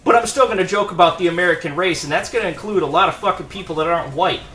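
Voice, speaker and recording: A man's voice: high-pitched, rapid-fire, sharp tone. A man delivering a profane, heated rant as a video host, emphatic and contemptuous, recorded in an echoing room with faint music behind. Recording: roomy echo with faint music.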